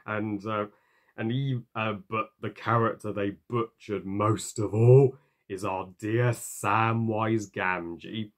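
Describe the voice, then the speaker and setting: A man giving a ranting film review, halting, with many fillers and curses. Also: on the low side, fairly even intonation. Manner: halting, full of fillers and profanity.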